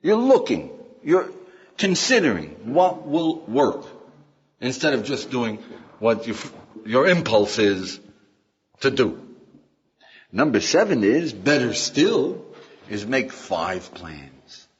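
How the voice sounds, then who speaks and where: Older man, rabbi, classroom lecture, husky, lively pitch, muffled old recording. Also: slow pace, pauses often. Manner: animated, asks the class questions, acts out quotes.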